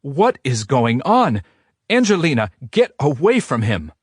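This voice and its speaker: A man voicing an angry, protective middle-aged father who barks sharp commands. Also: on the high side, big pitch swings, moderate pace, slightly rough, no room sound, studio quality, voice pushed up, full character voice.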